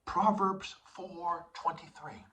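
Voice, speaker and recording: Intense self-styled preacher, man, slightly high and bright, preachy with whispered asides, distant mic. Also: slow. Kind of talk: online sermon monologue.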